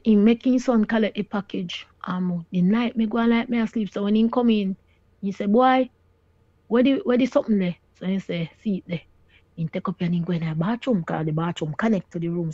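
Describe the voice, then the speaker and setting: Jamaican lady telling her story, lively and exclaiming, dry muffled sound. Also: medium pitch, dry recording. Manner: animated, exclaiming, quoting others. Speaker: caller sharing her story. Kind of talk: casual storytelling in patois.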